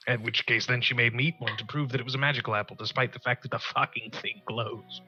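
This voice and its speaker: A man's voice: mid-range voice, fairly even intonation, fast, sharp tone, highs cut off, faint music behind. A man playing a tabletop game, telling a rambling, digressive story in character. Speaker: tabletop player.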